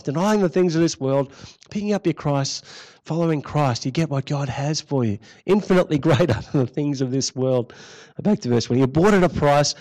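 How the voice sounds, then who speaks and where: A man's voice: on the high side, a little mellow, poor audio. A middle-aged man preaching a sermon in a conversational way, often repeating key phrases for emphasis.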